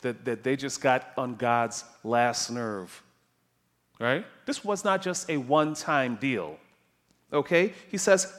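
A man preaching a sermon, emphatic and animated, dropping soft and then rising loud. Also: medium pitch, slow pace.

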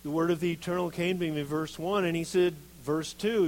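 A man preaching a sermon, reading scripture and acting out the quoted speakers with lively expression. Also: on the high side, brisk, hardly any pauses, rough recording. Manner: animated, acts out quoted voices of Jeremiah and God.

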